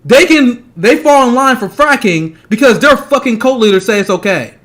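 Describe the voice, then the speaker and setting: A man's voice: very high-pitched, animated, fairly bright tone. A man delivering a heated, profane political rant, angry and laughing scornfully between points. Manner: angry, fast, profane, laughs mid-sentence. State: agitated. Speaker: political commentator.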